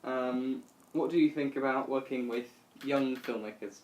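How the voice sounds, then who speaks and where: A man's voice: medium pitch, moderate pace. A man asking brief, plain interview questions. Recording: echoey room with faint background noise.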